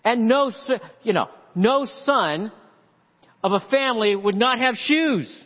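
Man, pastor, high lively preaching voice, dull lo-fi sound, long hall echo. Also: measured pace. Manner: animated preaching, acts out the father's voice. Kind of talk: sermon.

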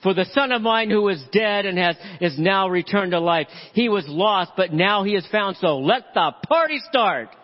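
A man preaching a sermon as pastor, animated and acting out voices in the story. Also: high-pitched, normal speed, few pauses. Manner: animated preaching, acts out the father's voice. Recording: dull lo-fi audio with long hall reverb.

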